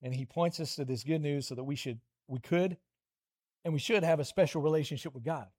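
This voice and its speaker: A man, middle-aged, preaching a lively children's sermon, animated storytelling with playful voiced asides. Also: a little high, a little fast.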